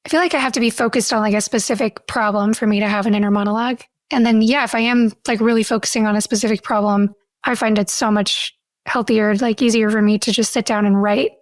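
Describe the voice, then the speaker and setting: A woman co-hosting a podcast in a casual chat, curious and quick to laugh. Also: on the high side, steady tone, dry recording. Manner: curious, laughs easily, asks questions. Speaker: podcast co-host.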